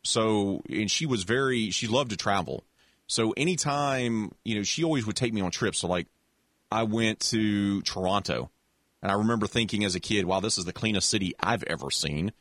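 A man telling a long childhood story in a relaxed, casual chat, full of restarts and little voices for other people. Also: lowish voice, moderate pace, dry recording. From American South. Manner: animated storyteller with many restarts, acts out voices.

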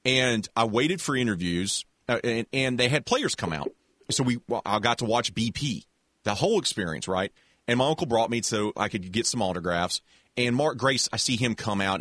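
Lively, low-voiced man telling a story. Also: no echo, studio quality. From American South. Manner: animated storyteller with many restarts, acts out voices. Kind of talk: casual storytelling chat.

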